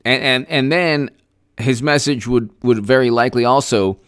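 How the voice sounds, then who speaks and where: A man's voice: mid-range voice, normal speed, fairly bright tone, clean tone, no room sound, clean studio sound. A man giving solo political commentary, arguing his points with rhetorical questions, restarts and scoffing laughs. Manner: frequent restarts and fillers, mocking laughs.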